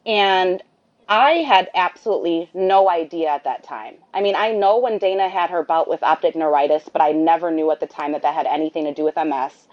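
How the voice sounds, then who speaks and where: A woman's voice: deep voice, a little fast. A woman, the host's sister, telling a story in a chatty, rambling way and acting out the dialogue. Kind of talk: storytelling conversation. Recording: dull lo-fi sound.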